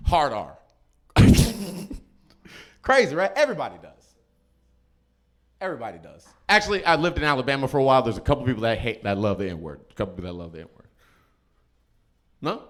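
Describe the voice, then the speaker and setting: A man doing a stand-up set on a club stage, jumping into loud shouted quotes. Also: mid-range voice, very animated, a little fast, long pauses. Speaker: stand-up comedian. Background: live audience.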